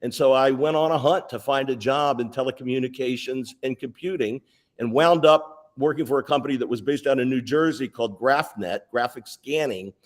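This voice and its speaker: A man in his sixties, a sales executive guest, telling lively anecdotes in an interview. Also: mid-range voice. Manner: animated, anecdotal, lists details. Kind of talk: storytelling interview answers.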